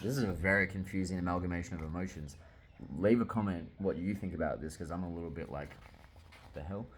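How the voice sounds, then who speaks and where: Brief: young guy, low voice, loud excitable reactions, curses freely while reviewing comics. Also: fast talker, a little hiss or hum. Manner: excitable, swearing, laughing often. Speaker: manga reviewer. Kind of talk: casual reaction commentary.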